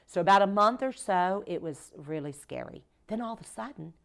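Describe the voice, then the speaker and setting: A woman's voice: medium pitch, lively intonation, a little fast, creaky. A woman who owns a cleaning company, talking as a podcast guest in casual conversation, emphatic and acting out quoted dialogue as she tells her stories. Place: podcast recording.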